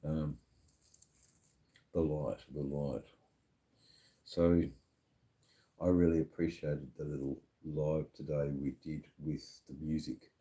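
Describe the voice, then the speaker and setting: A drunk man hosts a live stream in a very deep, dark voice. He rambles and slurs, filling the gaps with ums and uhs. He sounds mellow and loose as he chats with his viewers. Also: flat delivery, takes it slowly, long pauses. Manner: rambling, slurred, with lots of fillers. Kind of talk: casual live-stream chat. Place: sitting at a bar.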